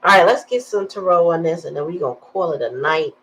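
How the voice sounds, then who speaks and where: A woman's voice: lowish voice, fast, lo-fi sound, background noise. A woman giving a casual tarot reading, chatty and slangy, telling stories with sighs in between. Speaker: tarot reader.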